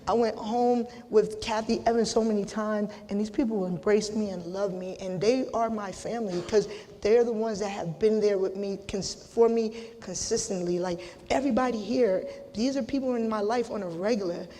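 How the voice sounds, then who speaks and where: A middle-aged woman holding back tears, giving a halting acceptance speech full of restarts and casual slang. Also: mid-range voice, mellow, slight background noise. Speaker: hall of fame inductee. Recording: long hall reverb.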